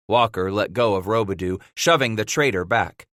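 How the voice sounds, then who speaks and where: Bright-voiced male audiobook narrator. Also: on the low side, no echo, clean studio sound. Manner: steady, measured storytelling.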